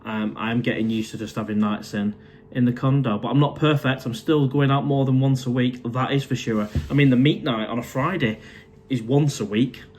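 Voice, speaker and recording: A man's voice: medium pitch, steady tone, normal speed, a little mellow, a little hiss or hum. A man, casually chatting on a live stream from his condo, reading out viewer comments and calling everyone mate. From England.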